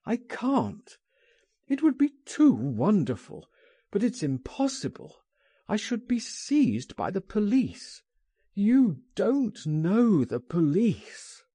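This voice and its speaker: A man's voice: very animated, takes it slowly, a little mellow, breathy edge, dry recording, heavily acted. A man reading a storybook aloud, voicing a frightened man who pleads in a raised, anguished voice. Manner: pleading, anguished, higher than the narrator. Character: frightened, despairing man trapped by fear.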